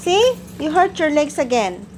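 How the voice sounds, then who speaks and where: A woman's voice: sits high, animated, slow, slight background noise. A woman, filming her dogs on her phone and scolding them playfully between laughs. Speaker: dog owner filming her pets. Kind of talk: casual home video chat to dogs. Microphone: phone camera. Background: dogs barking and playing.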